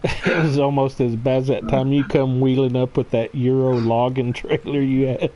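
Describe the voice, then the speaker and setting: A man's voice: medium pitch, steady tone, moderate pace, warm tone, slight background noise, poor audio. A man hosting a casual livestream, laughing hard and reading viewer comments aloud, teary-eyed from laughter. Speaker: channel host.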